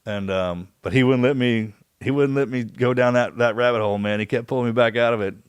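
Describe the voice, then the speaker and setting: A man's voice: medium pitch, brisk, smooth, no echo, clean studio sound. A man hosting a podcast, telling a story in casual chat, acting out other people's lines and tossing in "man". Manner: animated storyteller, acts out quotes, says "man" a lot. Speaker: podcast host.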